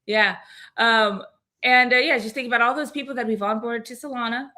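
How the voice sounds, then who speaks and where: A woman's voice: fairly high pitch, fairly even intonation, fairly quick, pushed and bright. A woman co-hosting a weekly community call in casual, bubbly chat, laughing often and swearing now and then.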